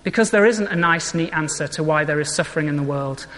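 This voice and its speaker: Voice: mid-range voice, quick pace, fairly bright tone. A vicar preaching a sermon in an earnest, reflective way, asking rhetorical questions. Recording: long echoing church reverb.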